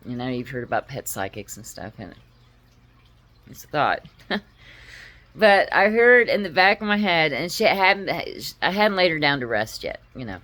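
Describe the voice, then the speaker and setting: A woman vlogger telling a personal story to camera, heartfelt and halting, with frequent pauses. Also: low voice, very animated, a bit bright.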